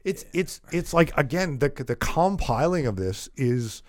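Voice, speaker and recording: Dry-sounding man, animated. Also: a little high, unhurried, no echo. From Canada. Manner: animated, many fillers, rises when indignant. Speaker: podcast co-host. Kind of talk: casual political chat.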